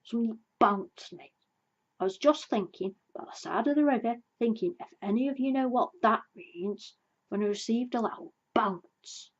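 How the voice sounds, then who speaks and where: A woman voicing a gloomy, sulky old male donkey who complains in a dry, drawn-out way. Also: a little high, breathy edge, dull audio. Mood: glum.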